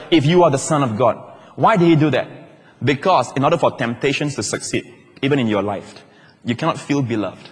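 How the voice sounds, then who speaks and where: A man's voice: high voice, in a large hall. A man preaching a sermon to a congregation, calling for amens and asking if they are listening. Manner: lively preaching, calls for amens, asides to the congregation. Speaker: pastor.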